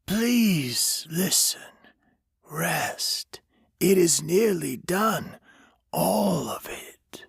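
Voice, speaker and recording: A gentle ghost murmurs in a hushed, comforting half-whisper, as a man reads him out. The voice is soothing but unsettling, sliding up and down, recorded dry and close. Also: fairly high pitch, big pitch swings, extremely slow, creaky, husky, no echo, pitched above the performer's own voice, full character voice. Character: soothing ghostly male stranger, gentle and eerie.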